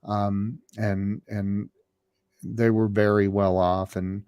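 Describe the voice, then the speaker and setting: A man's voice: fairly low pitch, flat delivery, slow pace, darkish tone, smooth, no room sound, clean studio sound. A man from the United States, a guest on a remote call, telling a personal story with many restarts and fillers. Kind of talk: storytelling in an interview.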